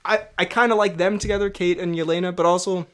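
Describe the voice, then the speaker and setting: Higher-voiced man chatting on a podcast. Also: steady tone, quick pace, a bit bright, clear, resonant tone. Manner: rambling, laughs often, quotes scenes. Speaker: podcast co-host. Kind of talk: casual chat.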